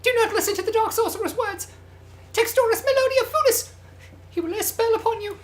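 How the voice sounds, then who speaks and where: Dude doing a high squeaky over the top fantasy warning voice, super theatrical. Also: male voice, a little fast, a little hiss or hum. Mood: dramatic. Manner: theatrical, high mock-epic pronouncement.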